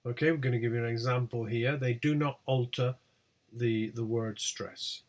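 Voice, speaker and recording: A man teaching a lecture on English word stress, speaking slowly and deliberately and over-stressing each example word. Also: mid-range voice, fairly even intonation. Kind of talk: lecture on pronunciation.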